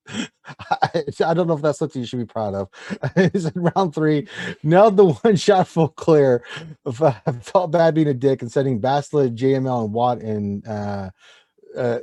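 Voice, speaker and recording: A man's voice: mid-range voice, lively intonation, moderate pace, dark tone, no room sound. Jokey male co-host, dry close mic. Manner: jokey, teasing, reads viewer notes aloud. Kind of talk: casual gaming show banter.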